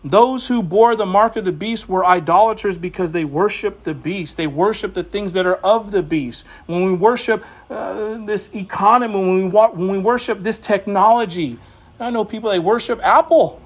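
A male preacher with a somewhat high voice, talking through scripture in a loose, conversational way. He leans hard on his points, and his voice climbs as he presses them. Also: moderate pace. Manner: conversational, emphatic, rising to animated exhortation. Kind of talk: informal sermon teaching.

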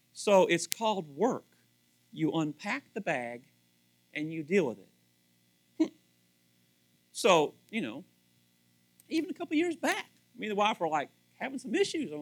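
A middle-aged male pastor preaches animatedly, acting out small scenes with dialogue and repeating phrases for emphasis. His voice is fairly high, at a moderate pace with long pauses.

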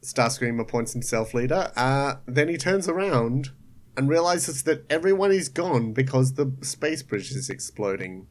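A man's voice: mid-range voice, expressive, measured pace. A man casually recapping a cartoon plot on a podcast with friends, with frequent hesitations. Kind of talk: casual chat.

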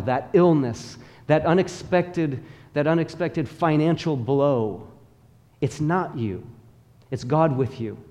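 A male pastor's slightly mellow voice, pitched on the high side, fills a church sanctuary as he preaches. He repeats phrases emphatically and rhythmically and calls on the congregation to repeat after him. The sound has the long reverb typical of a large hall.

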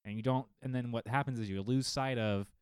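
A man co-hosting a casual fantasy football podcast, telling stories in a lively, profane way from a home studio. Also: mid-range voice, fairly quick, smooth, no room sound. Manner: animated, profane storytelling. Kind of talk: casual chat. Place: home studio living room.

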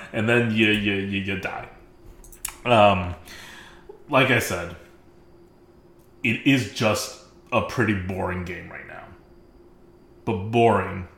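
A man's voice: medium pitch, reverberant. A man co-hosting a casual game podcast, talking emphatically and acting out mock quotes. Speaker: podcast co-host.

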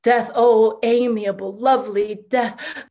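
Grieving noble mother, impassioned and desperate, slow deliberate delivery. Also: on the high side, fairly even intonation. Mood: anguished. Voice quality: impassioned, swinging from loud cries to hushed whispers. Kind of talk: classical stage drama.

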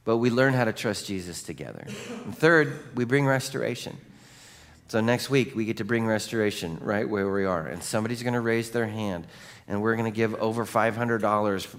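This sermon comes from a male pastor with a fairly low voice. His delivery is lively and conversational, full of jokes and calls for the congregation to answer back.

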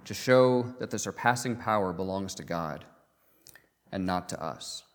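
A male pastor gives a sermon in an easygoing, conversational manner, leaning on um and uh and repeating words as he thinks aloud. His voice sits somewhat low. The sound carries a long reverberant tail from a large church hall. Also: unhurried.

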